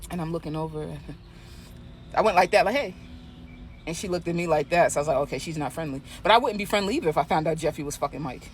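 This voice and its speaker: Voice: mid-range voice, racing, a little hiss or hum. Gossipy storyteller swearing casually. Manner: gossipy, swears freely, animated asides. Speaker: vlogger.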